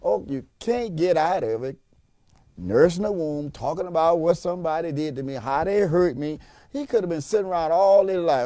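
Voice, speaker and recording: A man's voice: a little high, normal speed, mellow, dry recording. A man preaching a sermon with emphasis, repeating points and asking rhetorical questions.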